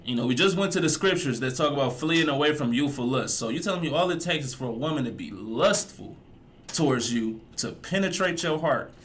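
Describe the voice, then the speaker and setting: A man's voice: mid-range voice, lively intonation, a little fast, fairly bright tone, a little hiss or hum. A man giving casual, mocking commentary as he reacts to a clip, drawling and repeating his jokes. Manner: laid-back, mocking, drawling repetitions. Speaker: reaction streamer.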